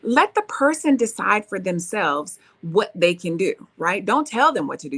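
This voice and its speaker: A woman's voice: mid-range voice, very animated, moderate pace, hardly any pauses, a bit bright. A woman hosting a relationship advice talk, coaching listeners and reading viewer comments, often checking in with "right?". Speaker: relationship talk show host.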